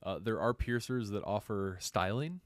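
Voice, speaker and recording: A man's voice: fairly low pitch, moderate pace, no room sound. A man co-hosting a live stream who reads out viewer questions and chats, with frequent uh and um. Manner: hesitant, lots of uh and um. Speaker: co-host reading viewer questions.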